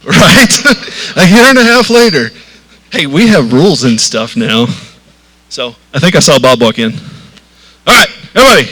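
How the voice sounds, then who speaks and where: A man's voice: fairly high pitch, lively intonation, a little slow, fairly bright tone. A man, introducing a speaker at a live event in a joking, folksy, chatty way. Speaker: board member introducing the speaker.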